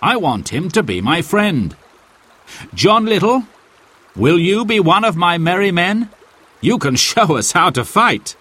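Man putting on a bright, bold outlaw hero. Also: high-pitched, sing-song, breathy edge, pitched above the performer's own voice, full character voice. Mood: cheerful. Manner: proud, brisk and commanding. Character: bold cheerful young male outlaw archer. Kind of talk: storybook reading.

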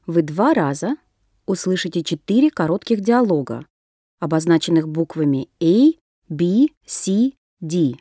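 A woman reading exam instructions in a formal, deliberate way. Her low voice has a mellow tone and her pitch moves in a lively way. The recording is dry and close. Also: no room sound.

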